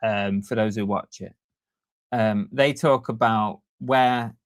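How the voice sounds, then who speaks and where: A man's voice: lowish voice, fairly even intonation, slow pace, no echo. A man co-hosting a casual podcast, chatty and jokey as he reads out listener stats. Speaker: podcast co-host. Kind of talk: casual chat.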